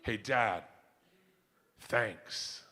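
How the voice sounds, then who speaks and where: A man voicing his twelve-year-old daughter in a slow, deadpan, deep voice. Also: full character voice.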